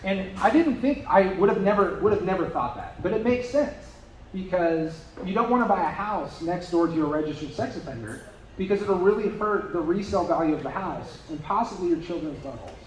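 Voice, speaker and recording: Young man, stand-up comedian, high voice, crude, deadpan asides, echoey live room. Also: a little fast, a little hiss or hum. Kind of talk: stand-up set. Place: brewery comedy night.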